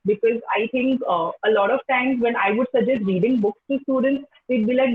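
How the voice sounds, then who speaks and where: A woman's voice: a little high, a little fast, few pauses. Indian lady teacher, chatty, lots of you know, roomy echo, faint hiss behind. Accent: Indian English. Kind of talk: interview answers. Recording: echoey phone-like call line.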